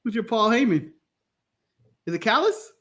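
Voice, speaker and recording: High, lively, bright-voiced joking man. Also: moderate pace. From United States. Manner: animated, joking, laughs often. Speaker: podcast co-host. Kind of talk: casual watch-along chat.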